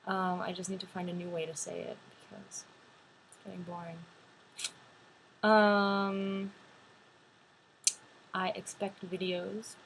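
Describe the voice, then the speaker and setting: Speaking at a measured pace with long pauses, this young woman has a lowish, gravelly voice, and there's slight background noise. She's a vlogger chatting to camera, animated and full of "like" fillers as she tells her story.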